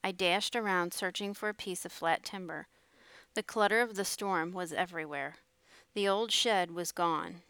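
In a steady, measured way, a woman reads an audiobook in a low, smooth voice. The recording is close-miked and fully dry, with no echo at all.

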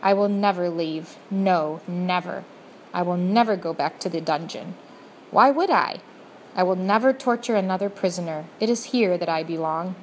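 A woman doing a soft, courtly rat. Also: lowish voice, moderate pace, a little hiss or hum, natural voice. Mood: enchanted. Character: soft-spoken, scheming male dungeon rat.

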